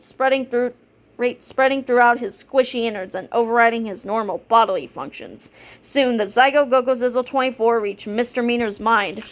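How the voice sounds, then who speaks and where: Woman reader, children's book, playful narration, slightly high voice. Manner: playful, lively storytelling. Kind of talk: children's book read-aloud.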